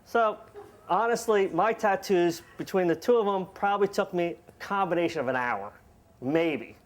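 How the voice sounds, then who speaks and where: A man's voice: high-pitched, expressive. Self-mocking man telling a live story. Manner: casual, self-mocking, laughing through the story; acts out dialogue with quick voice shifts. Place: live event stage.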